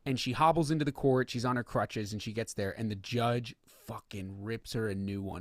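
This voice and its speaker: A man's voice: on the low side, moderate pace, few pauses, dry recording, clean studio sound. A man co-hosting a podcast, chatting casually about sports, emphatic and full of swearing, often acting out what others said. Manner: profane, emphatic, acts out quotes. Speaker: podcast co-host.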